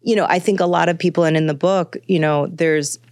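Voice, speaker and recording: A woman's voice: lowish voice, steady tone, brisk, darkish tone, no room sound, studio quality. A woman author talking at length about how voices sound, thoughtful and searching, full of fillers and restarts. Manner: thoughtful, exploratory, many fillers. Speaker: guest author on voice. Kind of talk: conversational podcast interview.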